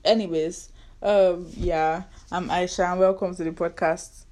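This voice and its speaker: A young woman in her twenties with a Nigerian accent hosts her own podcast. She talks casually in a slightly low voice, full of sarcasm and banter. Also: fairly even intonation, a little slow, background noise. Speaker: podcast host. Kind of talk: casual solo podcast chat.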